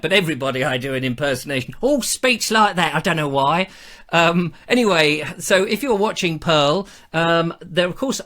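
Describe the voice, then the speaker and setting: Lively, bright-voiced man. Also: on the high side. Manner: chatty, jokey, self-mocking. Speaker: host. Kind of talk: live show chat.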